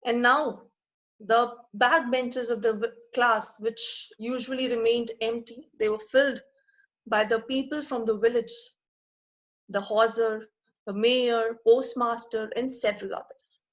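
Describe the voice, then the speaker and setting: Lady teacher, kinda high voice, goes over each line again and again. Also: steady tone, low-quality recording. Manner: explains slowly, repeating and rephrasing each line. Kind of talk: line-by-line lesson explanation.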